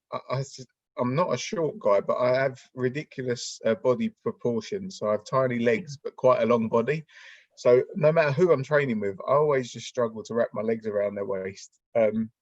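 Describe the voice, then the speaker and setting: A man's voice: mid-range voice, no room sound, dull audio. A man hosting a podcast, chatting casually over a video call and laughing easily. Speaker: podcast host.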